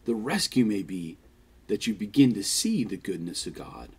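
A man's voice: lowish voice, sing-song, normal speed, darkish tone, breathy edge. A man preaching a devotional sermon as pastor, earnest, often repeating and restarting phrases.

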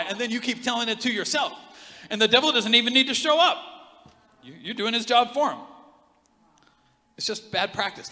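Animated man preaching in a reverberant hall. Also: very high voice. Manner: animated, joking storyteller with big swings in loudness. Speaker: pastor. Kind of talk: sermon. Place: large church hall.

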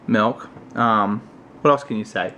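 An American man chatting casually with his toddler on camera, using playful baby talk and high, coaxing questions. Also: unhurried, pushed and bright, slight background noise. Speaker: parent vlogger.

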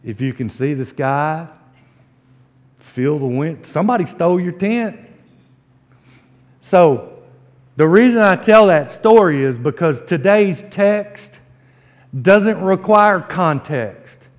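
A pastor delivers his sermon in an unhurried, emphatic cadence, leaning on homespun storytelling. His voice sits slightly high for a man. The sound carries a long reverb, as if captured in a church sanctuary. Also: expressive. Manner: folksy storytelling, slow emphatic preaching.

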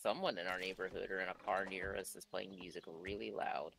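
A man's voice: low voice, fairly even intonation, fairly quick, gravelly, background noise. A laid-back man chatting and swearing casually while playing a co-op game with a friend. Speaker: gamer. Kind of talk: casual co-op gaming chat.

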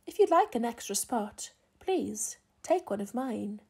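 A woman's voice: on the high side, sing-song, unhurried, vocal fry, darkish tone, husky, exaggerated voice. A woman voicing a cheerful female bird who offers praise.

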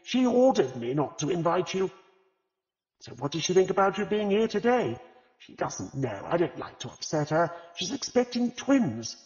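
A man reading the lines of a pompous, self-satisfied gentleman, talking evasively. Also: sits high, big pitch swings, moderate pace, voice pushed up. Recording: reverberant, slightly dull audiobook recording.

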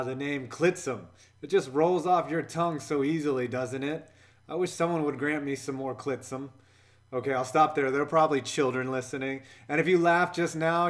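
Joking man hosting a comedy countdown. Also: on the high side. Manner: sarcastic, joking, innuendo-heavy. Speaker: YouTube channel host. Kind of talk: comedic scripted voice-over countdown.

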